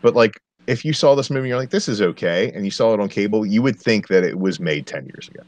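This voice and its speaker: A man's voice: lowish voice, fast talker, darkish tone, no room sound. A man ranting a blunt, profane movie review as a podcast co-host, exasperated and swearing freely.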